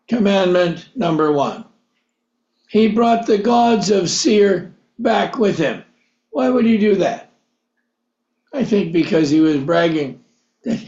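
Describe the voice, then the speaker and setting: A man with a high voice preaches slowly and deliberately in a roomy space. He reads verses in old scriptural wording, then explains them plainly, often putting questions to his listeners. The recording is slightly dull. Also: a little mellow. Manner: asks the listeners rhetorical questions. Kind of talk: Bible teaching sermon.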